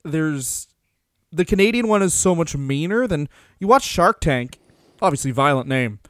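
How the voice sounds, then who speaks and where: Enthusiastic man co-hosting a podcast, laughs easily, higher voice, dry sound. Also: expressive, moderate pace, no echo. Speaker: podcast co-host. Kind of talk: casual comedic podcast banter.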